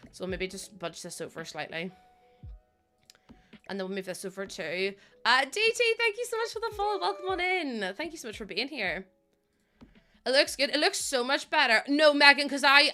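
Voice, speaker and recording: A woman's voice: mid-range voice, bright, forceful tone. A young woman with a Northern Irish accent, chatting and laughing with viewers on a casual live stream while she builds in a game. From Northern Ireland. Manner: chatty and rambling, laughs often, talks to viewers.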